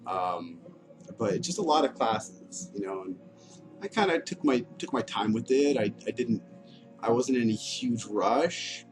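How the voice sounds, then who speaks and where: A man in his thirties telling his own story in a frank, halting way, full of fillers, restarts and the odd curse. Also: mid-range voice, expressive. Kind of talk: candid personal monologue. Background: music playing.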